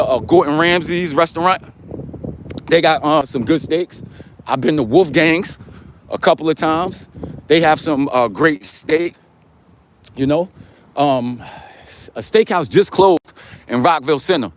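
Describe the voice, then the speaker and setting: Middle-aged New man, livestream host; high-pitched, loose slangy delivery aimed right at his chat. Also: slight background noise. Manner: slangy, repetitive, talks straight to viewers. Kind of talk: casual chat to a live chat.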